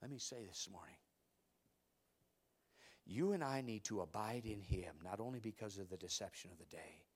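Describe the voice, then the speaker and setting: A middle-aged man preaching a sermon, telling stories with loud outbursts and hushed asides. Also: fairly low pitch, animated, normal speed, pauses often, breathy edge. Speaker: pastor.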